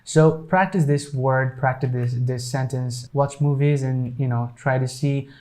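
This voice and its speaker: A man teaching pronunciation, explaining in short halting phrases and repeating each example word several times. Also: mid-range voice, fairly even intonation, dark tone. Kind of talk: pronunciation lesson.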